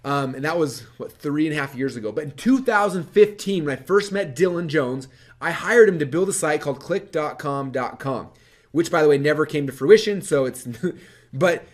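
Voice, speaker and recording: A man presenting a webinar, telling his story to a live audience in a lively, animated way with many fillers. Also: a little high. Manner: energetic, animated, quick-talking with many fillers.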